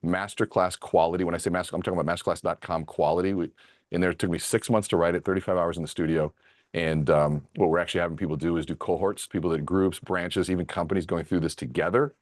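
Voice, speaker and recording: A man speaking as an interview guest, telling stories in an excited, animated way. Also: deep voice, fast talker, no echo, clean studio sound. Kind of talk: conversational interview.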